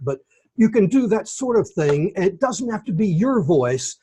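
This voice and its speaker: A man evaluating a speech at an online club meeting, giving encouraging feedback in slow, deliberate phrases over a video call. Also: sits high, big pitch swings, background noise. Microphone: computer mic on video call.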